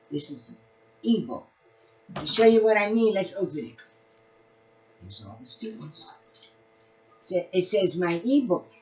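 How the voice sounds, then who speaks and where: A woman reads a picture book aloud to small children, her pitch leaping and dipping in a sing-song storybook manner. She takes her time over each word and breaks off for playful little asides. The recording is dull and lo-fi. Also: darkish tone. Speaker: early-reading teacher.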